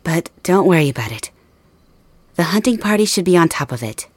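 A woman voicing a protective young female friend in an ASMR role-play, talking softly and reassuringly straight to the listener. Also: fairly low pitch, sing-song, a little fast, slightly rough, dry recording. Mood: caring. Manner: soft, reassuring, addresses listener directly.

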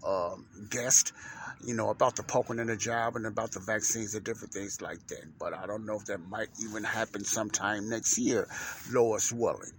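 A man in his own casual podcast talk, rambling and repeating himself with lots of fillers and restarts. His voice sits at an ordinary middle pitch, with a faint hum of background noise. He talks from inside a parked truck at his job, dropping in religious phrases as he goes. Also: fairly bright tone. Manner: folksy and religious, often saying "Lord's willing". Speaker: podcast host and minister.

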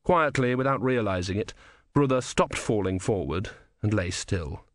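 A man narrating a comic fantasy novel in a wry, measured storytelling manner. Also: on the low side, animated, dry recording, clean studio sound. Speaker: audiobook narrator. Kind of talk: scripted narration.

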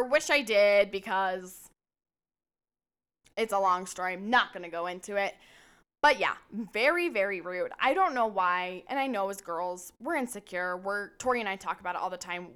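Bright-voiced, lively woman. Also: medium pitch, clean tone. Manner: lively, emphatic, swears casually. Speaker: podcast co-host. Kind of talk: casual storytelling chat.

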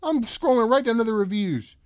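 A young man hosting a casual solo podcast who rambles, swears and breaks into loud, disbelieving outbursts. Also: very high voice, expressive, brisk, no room sound. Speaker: podcast host.

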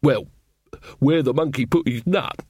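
A man's voice: mid-range voice, measured pace, mellow, husky, dry recording, studio quality. A man voicing a gloomy, mocking village man who brushes off worries. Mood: dismissive. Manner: dismissive, gloomy.

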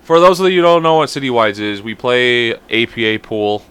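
Bright-voiced joking man. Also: medium pitch, lively intonation, fairly quick, clear, resonant tone. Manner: profane, jokey, puts on bits. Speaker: podcast co-host. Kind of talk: casual chat.

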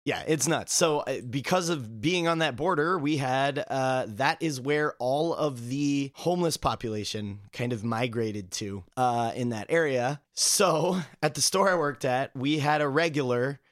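A male podcast co-host spins a casual anecdote, looping back with fillers as he goes. His voice sits at an ordinary middle pitch. The sound is dry and close, with no room around it. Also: measured pace, few pauses, dry recording. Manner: rambling, filler-heavy storytelling.

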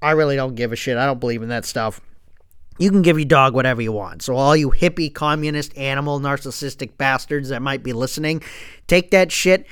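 A man's voice: medium pitch, brisk, a bit bright, smooth, no room sound, clean studio sound. A man ranting casually and comically to his listeners, profane and full of stammered restarts. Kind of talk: casual comedic rant.

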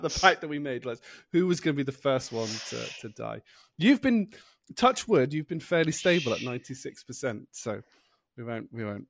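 A young man from the UK chats casually on a podcast, circling his point with fillers and false starts. His voice sits at a middling pitch and is recorded dry and close, with hardly any room sound. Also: creaky, no echo. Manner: rambling with many fillers and restarts. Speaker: podcast co-host. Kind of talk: casual chat.

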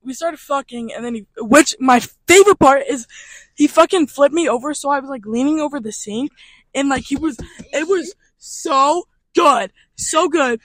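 A young woman casually telling a profane, animated story, often laughing. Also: high-pitched, normal speed, no room sound. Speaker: storytelling co-host.

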